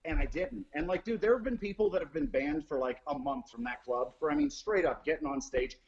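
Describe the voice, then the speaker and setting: A man's voice: fairly quick, husky. A man hosting a live show, casually telling a story and acting out the quotes with big jumps in his voice. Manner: animated, acts out quotes with big pitch jumps, swears freely. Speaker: host. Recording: dull lo-fi sound.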